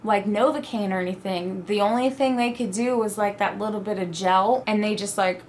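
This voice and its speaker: A young adult woman telling a personal story in a casual, animated vlog style, acting out her own quoted reactions. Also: medium pitch, normal speed, a little hiss or hum. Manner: animated, dramatic retelling with quoted asides. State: pregnant (at the time told). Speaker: vlogger.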